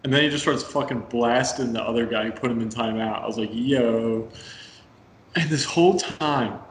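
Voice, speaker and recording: A man's voice: mid-range voice, fast. Profane young man rambling in an echoey room. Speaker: podcast co-host. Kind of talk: casual podcast chat, storytelling. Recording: echoey room, faint background ambience.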